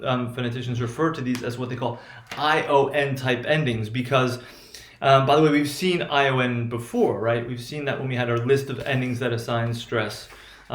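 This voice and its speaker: A man teaching a pronunciation lesson in a halting way, with many restarts and a repeated "right?" tag. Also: medium pitch, roomy sound. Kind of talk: recorded classroom lecture.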